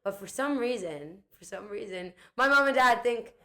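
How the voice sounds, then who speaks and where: A woman's voice: a little high, expressive, moderate pace, crowd noise. A young woman co-hosting a podcast, telling rambling anecdotes full of "like" and quoted dialogue in casual chat. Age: young adult. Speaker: podcast co-host, daughter.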